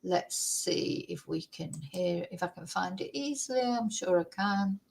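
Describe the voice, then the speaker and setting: A woman's voice: fairly low pitch, a little slow, gravelly. A woman hosting a casual livestream. She rambles chattily and thanks viewers as she goes. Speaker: livestream host.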